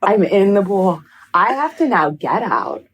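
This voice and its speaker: A woman's voice: mid-range voice, unhurried. A woman co-hosting a podcast, telling a story as casual comedy and acting out the people in it, with plenty of swearing. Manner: animated, acts out quoted people, swears freely. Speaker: podcast co-host.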